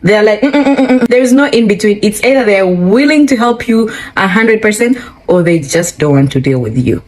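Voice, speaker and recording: A woman giving travel advice in a casual vlog, playful and animated, acting out little exchanges. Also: mid-range voice, normal speed, poor audio. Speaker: travel vlogger.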